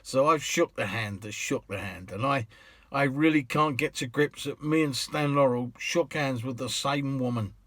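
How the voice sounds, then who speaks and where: Chatty British cab driver telling stories. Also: male voice, mid-range voice, moderate pace, fairly bright tone, no echo. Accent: British English. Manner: chatty, rambling, with restarts and laughs. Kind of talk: casual anecdote storytelling.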